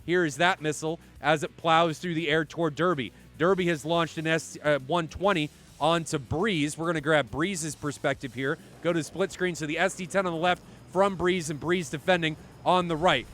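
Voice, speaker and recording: A man's voice: a little high, steady tone, moderate pace, fairly bright tone, soft background music. A man giving live play-by-play commentary on a flight simulator match, chatty and often correcting himself. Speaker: esports commentator.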